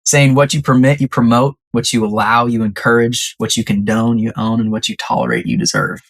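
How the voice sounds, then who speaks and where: A podcast guest telling a story in a lively, conversational way and acting out the quoted lines. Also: mid-range voice, fairly quick. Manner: animated storyteller who acts out quoted lines.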